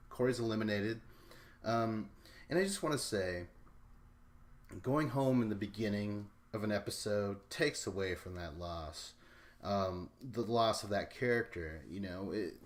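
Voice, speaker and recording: A young man hosting a casual solo recap podcast, rambling and swearing, laughing often and acting out imagined dialogue. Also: fairly low pitch. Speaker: podcast host.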